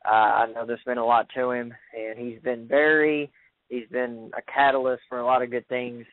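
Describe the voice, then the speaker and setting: A man's voice: medium pitch, little pitch movement, moderate pace, dry recording. A man co-hosts a talk radio show in a chatty, joking way. His mid-range voice sounds dry and narrow, as if it comes over a phone line. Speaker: radio co-host.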